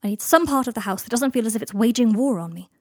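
A woman voicing a proud, prickly young man who fires back sharp, defensive retorts in an audiobook reading. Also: fairly high pitch, animated, fast talker, no room sound, clean studio sound. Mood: bitter.

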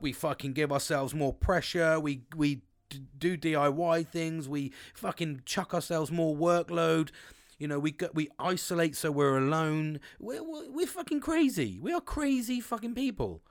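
A man talks to his podcast listeners in a loose, candid monologue. His voice swings widely between low and high. He swears often and leans hard on his words. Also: animated, normal speed. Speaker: podcast host. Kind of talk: casual monologue. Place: home, outdoors on a sunny afternoon.

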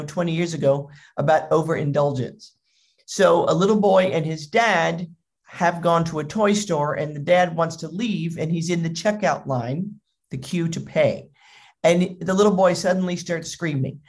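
Speaker on parenting, animated storyteller, humorous talk, acted-out anecdotes. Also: medium pitch.

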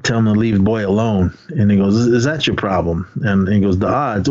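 A man with a fairly low voice chats casually on a podcast, recapping a movie scene by scene. He rambles and hesitates, filling gaps with "uh" while acting out the characters' lines. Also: brisk, a little mellow, muffled recording. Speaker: podcast co-host.

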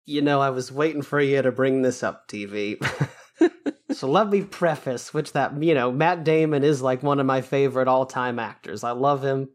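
A man's voice: medium pitch, normal speed. Wry man in casual movie talk. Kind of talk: casual movie review chat.

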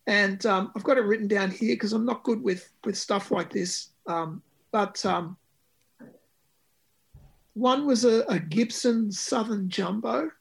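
A man's voice: sits high, a little slow, vocal fry, slightly rough. A man, a musician talking about his record in an interview, with many ums and restarts. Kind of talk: conversational interview.

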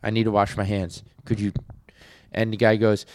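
A man's voice: lowish voice, animated, moderate pace, no echo, clean studio sound. A man co-hosting a podcast in casual chat, telling stories in a laid-back way. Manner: laid-back storyteller, agrees often, acts out loud quotes. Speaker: podcast co-host.

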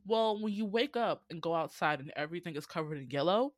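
A woman's voice: on the low side, quick pace, no room sound. A woman from Georgia with a Southern accent, hosting a podcast and telling stories in a casual, profane, dramatic way. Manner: animated, profane, dramatic voice swings. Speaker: podcast host.

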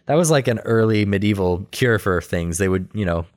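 A man in casual chat, retelling a cartoon episode in a rambling, animated way with quick quoted voices and laughter. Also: lowish voice. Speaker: podcast co-host recapping a cartoon episode.

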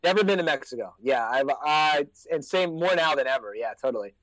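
Fast-talking American man, laid-back storyteller. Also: animated, a crowd in the background. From United States. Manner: laid-back, profane, trails off into low asides. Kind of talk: casual storytelling chat. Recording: dry, dull lo-fi sound.

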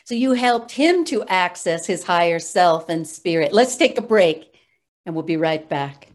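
A woman's voice: fairly low pitch, lively intonation, measured pace. A woman hosting an interview, prompting her guest and searching for words as she asks. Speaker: host. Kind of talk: casual interview.

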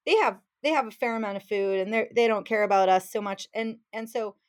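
Brisk and mid-range in pitch, this woman is a fishing guide on a podcast, animatedly recounting a story over a relaxed chat. She voices the quotes of the people involved and keeps laughing as she tells it.

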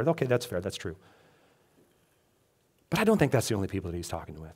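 A man's voice: medium pitch, big pitch swings, a little fast, pauses often, a little mellow. A male pastor giving a sermon, reading scripture aloud and joking with the congregation between readings. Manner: conversational, joking asides to the congregation.

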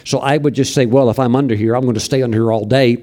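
A man's voice: mid-range voice, steady tone, fast, dark tone. A middle-aged male preacher telling a personal story in a folksy sermon, with many fillers.

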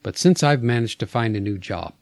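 A man's voice: lowish voice, animated, a little fast, gravelly, no echo. Hammy mock Aussie outback man, a male host doing the accent, dry close sound. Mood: earnest. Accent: mock Australian. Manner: hammy put-on reading of a fan letter. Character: rough-voiced Australian outback man, long-haul commuter. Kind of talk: podcast letter reading.

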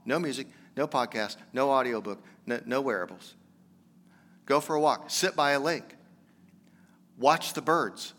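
Male pastor, casual then fervent sermon delivery, crisp bright tone, long church reverb. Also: mid-range voice, lively intonation, measured pace, pauses often. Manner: conversational, earnest preaching that builds to emphatic exhortation.

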